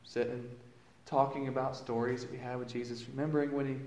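A man preaching a dramatic first-person monologue, storytelling and swinging from hushed lows to loud exclamations, recorded in a church. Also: flat delivery, quick pace. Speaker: pastor. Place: church sanctuary. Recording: roomy echo.

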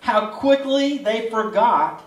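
A high-pitched male preacher delivers a folksy, conversational sermon, asking the congregation question after question. His voice sounds roomy and echoing, picked up from a fair distance away from the mic. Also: animated, takes it slowly. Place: outdoor drive-in church service.

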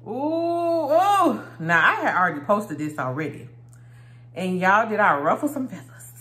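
A woman's voice: lowish voice, animated, normal speed, bright, forceful tone, roomy sound. Chatty woman eating on phone cam. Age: adult, married. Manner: chatty, laughs often, talks while eating. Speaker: vlogger. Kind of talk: casual mukbang chat.

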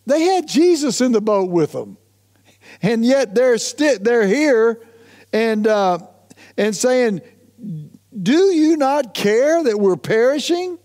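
A male pastor delivers a sermon in a notably high voice. He is emphatic and insistent, drawing words out slowly when he lands a point, with small stumbles and restarts along the way. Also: darkish tone. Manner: emphatic, repeats "listen to me", stretches key phrases slowly.

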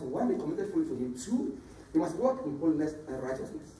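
A man's voice: on the high side, big pitch swings, fast talker, mellow, a little hiss or hum. A middle-aged man preaching a sermon. He talks emphatically, repeating phrases and calling on the congregation to read verses aloud. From Ghana. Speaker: pastor. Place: church sanctuary. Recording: echoey church from a distant mic.

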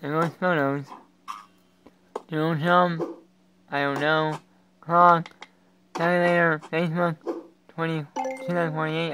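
A man giving reaction commentary, talking along casually and breaking into loud, excited exclamations. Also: on the high side, slow, gravelly, long pauses, slight background noise, rough recording. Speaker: reaction video creator.

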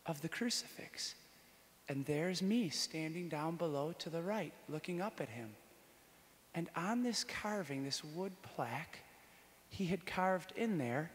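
A male priest giving a conference talk, telling a story and moving between hushed and excited, joking with the audience. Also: sits high. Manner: animated, jokes with the audience, swings from hushed to excited. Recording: long hall reverb.

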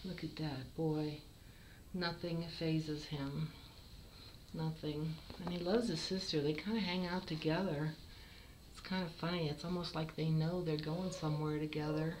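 A middle-aged woman, a longtime cat breeder, showing off kittens in a fond, unhurried way. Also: deep voice, fairly even intonation, a little mellow, a little hiss or hum, poor audio. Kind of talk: casual kitten showcase.

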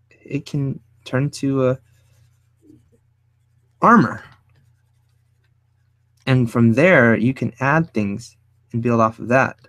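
A man teaching design while he draws, thinking aloud in a casual, rambling way, often hunting for the right word and sometimes speaking low. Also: dry recording. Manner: speaks fairly low and quiet at times. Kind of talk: casual drawing tutorial talk.

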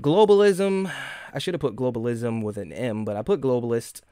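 Male streamer with a Michigan accent, sarcastic, rambling, mid pitch, crisp dry close-mic sound. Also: moderate pace, dark tone, no echo. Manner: rambling, sarcastic, many fillers and restarts. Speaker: podcast host. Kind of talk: casual live-stream monologue.

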